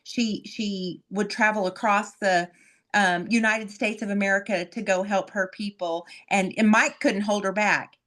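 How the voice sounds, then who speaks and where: A woman's voice: mid-range voice, steady tone, unhurried, a bit bright. A woman host giving an effusive, heartfelt introduction of a guest, often repeating words as she gets emotional.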